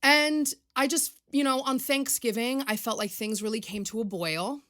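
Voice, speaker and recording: A woman's voice: on the high side, moderate pace, fairly bright tone. A young woman, chatting on her own podcast in a rambling, confessional, emotional way. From Long Island, New York. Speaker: podcast host. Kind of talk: casual solo podcast chat.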